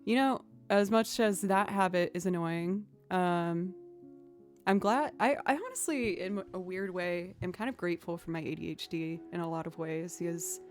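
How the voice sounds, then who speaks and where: A woman's voice: on the low side, moderate pace, faint music behind. A young woman streaming, chatting casually with viewers in a rambling way, with lots of "like" and "um".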